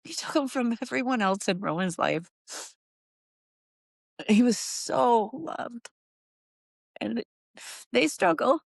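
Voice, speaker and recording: A middle-aged woman tells a painful personal story in a halting way. She repeats phrases, and her voice climbs high when she relives moments. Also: expressive, creaky, no room sound, studio quality. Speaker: guest, grieving mother.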